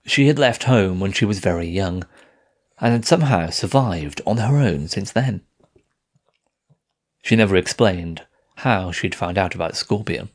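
A man narrating a first-person audiobook in a measured, steady reading voice. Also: low voice.

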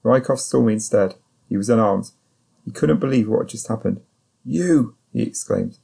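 Dark, low and a little husky, with a gravelly edge, a man's voice carries a first-person thriller audiobook. The narrator reads the script steadily and measuredly, never letting his even, controlled delivery waver.

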